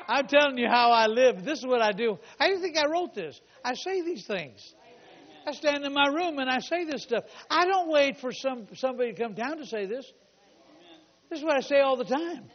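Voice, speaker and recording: A man preaching a sermon as pastor, fervent, with shouted declarations and call-and-response. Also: very high voice. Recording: long hall reverb, dull lo-fi sound.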